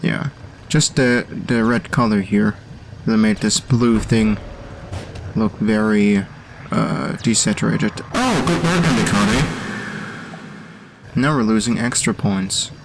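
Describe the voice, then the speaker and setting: A young man with a German accent giving let's-play commentary on game levels, halting and full of pauses and fillers. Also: on the low side, fairly even intonation, background noise. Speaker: host reviewing community game levels.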